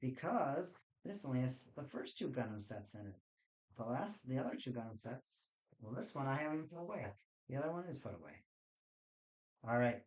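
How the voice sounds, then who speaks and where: A man's voice: mid-range voice, very animated, a little fast. A man chatting casually on a live stream while building card game decks, rambling and joking with his chat.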